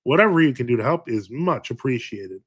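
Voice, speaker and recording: A young man in the role of a priest runs a casual livestream and reads viewer comments aloud. He rambles with lots of "uh" and "you know". His humor is dry and self-mocking. His pitch sits in a middle range for a man. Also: lively intonation, brisk, husky. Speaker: Orthodox priest hosting a livestream.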